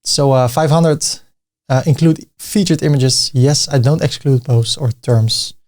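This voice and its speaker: A young adult man hosting a screen-recorded software tutorial, thinking aloud in a relaxed way with fillers and restarts. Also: medium pitch, a little slow. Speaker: tutorial host.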